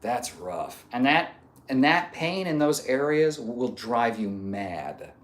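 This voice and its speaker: A man's voice: mid-range voice, very animated, slow. A man reading out chat comments on a casual live stream, joking and laughing often. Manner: playful, laughs often, reads comments aloud.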